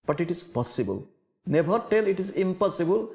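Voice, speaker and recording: A man giving a spiritual lecture, speaking slowly and deliberately and repeating key words. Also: sits high, animated, vocal fry, a little mellow. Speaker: spiritual teacher. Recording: long hall reverb.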